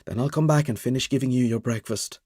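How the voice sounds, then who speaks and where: A man's voice: mid-range voice, fast talker, darkish tone, dry recording, studio quality, voice pushed up, lightly acted. Man doing a frightened, defensive husband. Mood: soothing. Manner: pleading then soothing, tense. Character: frightened, defensive middle-aged man guarding his sick wife.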